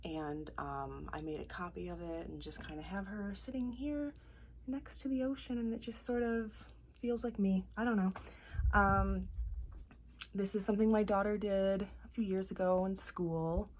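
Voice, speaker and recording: A woman's voice: medium pitch, moderate pace, a little mellow, slight background noise. A middle-aged woman giving a casual home tour, rambling and hesitant with many ums and likes. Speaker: vlogger. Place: home room.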